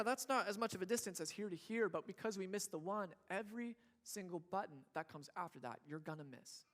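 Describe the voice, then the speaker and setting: A man's voice: on the high side, fairly bright tone. A young man preaching a sermon in a church, casual and joking, acting out what people and babies say. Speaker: pastor.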